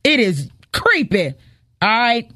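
Woman morning radio host; animated, emphatic delivery over a dry studio mic. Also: fairly high pitch, takes it slowly, no echo. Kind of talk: casual radio chat. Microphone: studio microphone.

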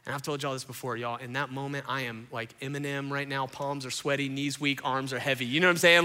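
A young man, a pastor telling his story in an animated sermon to a congregation, acting out the quotes. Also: medium pitch, fast, few pauses. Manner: animated, acts out quotes, addresses crowd as y'all. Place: church auditorium before a congregation. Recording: long hall reverb.

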